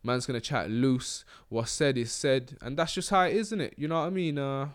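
A man's voice: mid-range voice, fairly quick, clean tone. Slangy young man, rambling. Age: young adult. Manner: slangy, rambling, laughs often. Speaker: podcast host. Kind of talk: casual chat.

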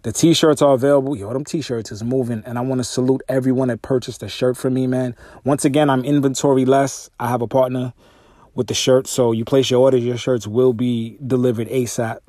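A male podcast host and music artist delivers a casual solo monologue, telling stories animatedly and briskly with plenty of swearing. His mid-range voice jumps high when he gets exasperated. The sound is dry and close, with no room noise, recorded on a podcast microphone through a mixer.

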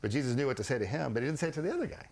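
A podcast host talks through ideas in a casual, animated manner, often restarting and repeating words. His voice is medium-pitched and racing.

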